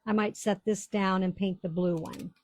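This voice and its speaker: A woman in her sixties hosts a craft video from her small-town home, chatting casually to viewers and rambling through family stories in a talkative, storytelling way. Her medium-pitched voice is darkish, fairly even, and at normal speed.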